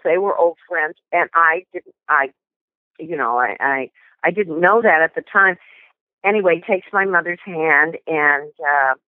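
An older woman, a guest in an interview, tells lively anecdotes and often restarts her sentences. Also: on the low side, no echo. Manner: animated anecdotes with many restarts. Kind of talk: storytelling interview. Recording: tinny phone line.

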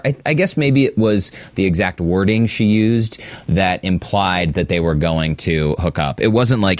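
Chatty low-voiced man co-hosting a recap. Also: measured pace, few pauses, no room sound. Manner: chatty, laughs often. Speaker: podcast co-host. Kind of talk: casual TV recap chat.

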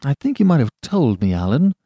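Rueful, sulky young gentleman voiced by a male reader, pitched a little raised. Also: lively intonation, normal speed, no echo, clean studio sound, natural voice.

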